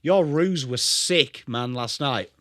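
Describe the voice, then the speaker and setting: An English man hosting a live sports watchalong stream, chatting excitedly and greeting viewers by name. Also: mid-range voice, takes it slowly, no echo, studio quality. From England. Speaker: livestream host.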